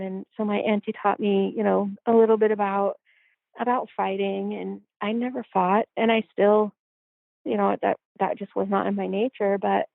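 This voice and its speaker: A woman guest telling a personal story in a reflective way, filling pauses with "you know". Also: mid-range voice, vocal fry, no echo. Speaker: podcast guest. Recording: tinny phone-like line.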